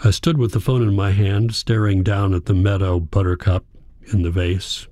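A man reading a novel aloud in a measured, reflective storytelling manner. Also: low voice, steady tone, warm tone, no echo. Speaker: audiobook narrator. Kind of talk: scripted narration.

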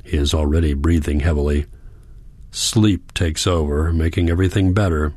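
Audiobook narrator, man, low voice, measured reflective first-person read, dry close sound. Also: steady tone, darkish tone, slightly rough, no room sound.

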